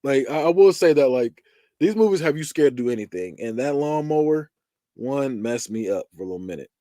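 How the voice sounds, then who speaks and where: A man with a mid-pitched voice talks through horror movie deaths in a loose, casual recap. His pitch swings widely as he acts out quotes and screams. The sound is dry and close, with no room around it. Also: fairly quick, no room sound. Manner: animated, acts out quotes and screams, laughs often. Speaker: podcast host.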